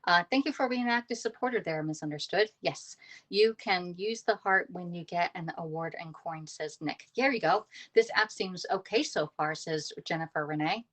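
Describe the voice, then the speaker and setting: A woman's voice: fairly low pitch, normal speed, fairly bright tone. Lady chatting away on a cooking livestream in her kitchen, laughing, saying hi to everybody. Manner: chatty, greets viewers by name, laughs often. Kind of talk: casual live cooking stream. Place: home kitchen.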